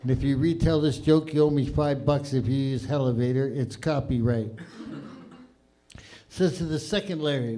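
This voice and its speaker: A man's voice: mid-range voice, moderate pace, mellow. A middle-aged man from Canada hosting a stand-up show, brash and irreverent. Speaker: comedy host. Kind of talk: stand-up comedy. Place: comedy club stage.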